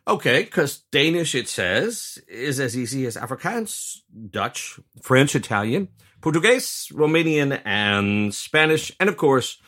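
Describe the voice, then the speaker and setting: A man's voice: medium pitch, very animated, a little slow, bright, forceful tone. A middle-aged man from Tennessee, co-hosting a news podcast with joking asides. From Tennessee, USA. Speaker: podcast co-host.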